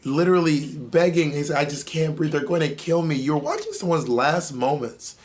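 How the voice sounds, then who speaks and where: A man's voice: on the high side, sing-song, normal speed. A man co-hosting a podcast, speaking in an impassioned, blunt way and swearing freely. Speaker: podcast co-host. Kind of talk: emotional podcast discussion.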